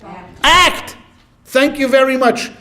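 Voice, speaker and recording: A rabbi leads a class in a high, bright voice. He keeps asking the room questions and answering them himself, and he mixes in anecdotes with quoted lines. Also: takes it slowly. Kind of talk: classroom lecture with questions to the audience.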